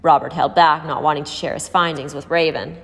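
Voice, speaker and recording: A woman teacher reading a novel aloud to a class, expressive and changing her voice for each character. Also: low voice, brisk, vocal fry. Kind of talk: read-aloud storytelling. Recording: echoey hall with long reverb.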